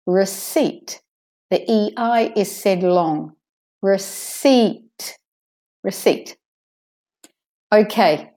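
A woman teaching English pronunciation, saying each word slowly and carefully so learners can repeat it. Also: medium pitch, dark tone. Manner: slow, careful modeling of words for repetition. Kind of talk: pronunciation lesson.

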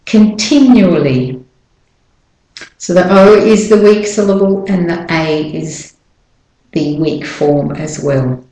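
A woman teaching pronunciation, slowly modelling each word and checking in with a rising "yeah?". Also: on the low side, level tone, warm tone. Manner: slow, carefully drawn-out model words. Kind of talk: slow pronunciation lesson. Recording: echoey room.

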